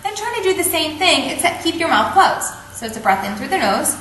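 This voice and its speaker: Bright-voiced woman teaching yoga breathing. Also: high-pitched, fairly quick, a little hiss or hum. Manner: calm, patient, checks in with "okay?". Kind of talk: instructional explanation. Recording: echoey room, faint ambience.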